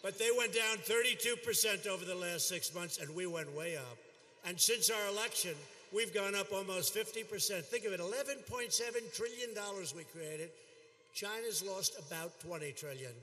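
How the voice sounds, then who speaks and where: Older male speaker in his seventies, bright and forceful delivery, repetitive and boastful rally style, long arena reverb. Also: sits high, normal speed. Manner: repetitive, boastful, shouting out to a crowd. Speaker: politician at a rally. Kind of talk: rally speech. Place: large arena.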